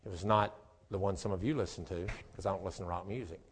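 A man preaching a sermon as pastor, moving between quiet, conversational talk and fervent, shouted rhythmic passages. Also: sits low, fairly even intonation, quick pace. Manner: repetitive, rhythmic preaching cadence.

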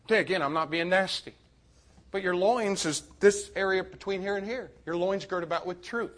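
A male preacher delivering a youth sermon in a fairly high, bright, forceful voice. He drops to near-whispers, then climbs to shouted emphasis. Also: brisk. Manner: swings from quiet confiding to shouting emphasis.

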